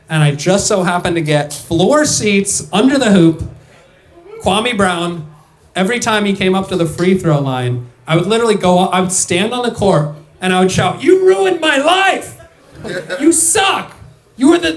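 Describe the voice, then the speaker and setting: A man's voice: high-pitched, roomy sound. A young man doing a stand-up set, chatting loosely with the crowd and laughing through his punchlines. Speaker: stand-up comedian. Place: comedy club stage.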